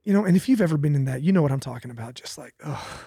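A man's voice: fairly high pitch, expressive, very fast, vocal fry, mellow, breathy edge, no room sound, clean studio sound. A young man, a pastor, talking casually about faith, telling stories animatedly with laughs and repetition.

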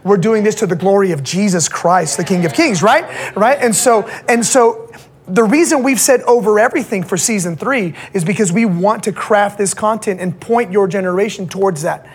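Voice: mid-range voice, moderate pace. A pastor preaching to young people in a casual, slangy way, checking in with the audience again and again.

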